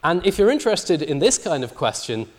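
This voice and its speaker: A man's voice: fairly high pitch, sing-song, brisk, long reverb tail. A man giving a recorded lecture, explaining step by step and posing rhetorical questions to his listeners.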